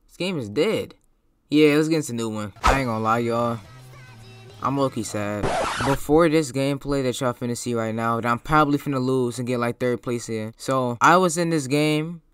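A young man giving slangy, excitable gameplay commentary, trash-talking opponents and repeating short catchphrases. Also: mid-range voice, moderate pace, smooth, faint music behind. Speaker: gaming YouTuber.

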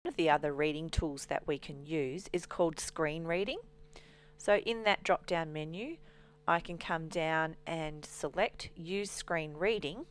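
A woman walking through a software demonstration as a trainer, explaining steadily with frequent ums. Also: low-pitched, measured pace.

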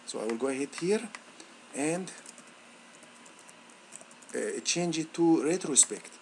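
A male instructor walking students through a software lab on screen, halting and encouraging, with many fillers and restarts. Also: a little high, animated, a little hiss or hum. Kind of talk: screen-recorded software tutorial.

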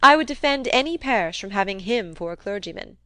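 A woman's voice: mid-range voice, lively intonation, brisk, pushed and bright, dry recording. A woman reading the part of a plain-spoken young woman with a dry, blunt manner.

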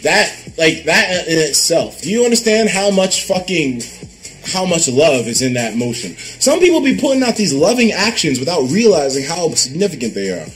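A man hosting a casual livestream in a slightly raised voice that leaps up and down with energy. He swears freely and reacts to viewer messages as they come in. Soft music plays faintly behind him. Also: fairly high pitch, normal speed. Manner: animated, swearing, bursts into laughter; reads out viewer donation messages.

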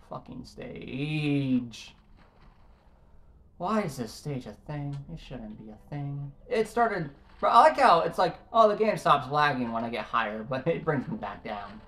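A man's voice: a little high, animated, measured pace, fairly bright tone. A young man commentating his own gameplay, frustrated and swearing at the game as he keeps failing jumps. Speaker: gaming YouTuber. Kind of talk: let's play commentary.

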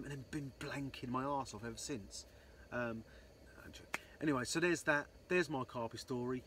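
A man's voice: medium pitch, fairly bright tone, a little hiss or hum. A man telling a rambling fishing story, swearing constantly and saying "um, so anyway" a lot. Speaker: angler vlogger. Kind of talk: casual storytelling.

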